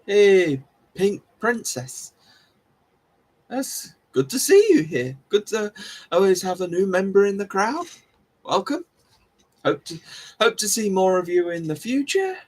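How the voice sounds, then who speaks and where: Chatty man with a husky voice. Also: high voice, big pitch swings, unhurried, long pauses, a little mellow. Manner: rambling, self-deprecating, restarts and laughs often. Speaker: livestream host. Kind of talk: casual live chat with viewers.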